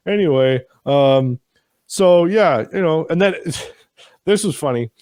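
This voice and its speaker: A man's voice: on the high side, expressive, slow, a little mellow, clean tone, dry recording, studio quality. A man co-hosting a casual show recap, retelling scenes with mocking voices and casual swearing. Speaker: podcast co-host.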